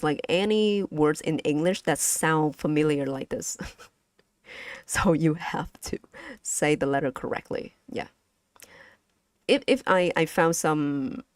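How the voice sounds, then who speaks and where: A low-voiced woman, to the language, running a live-stream pronunciation lesson. She speaks slowly and haltingly, repeating words and giggling, and the sound is close and dry. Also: a little mellow, no echo. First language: Vietnamese. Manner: hesitant, restarts words, giggles often.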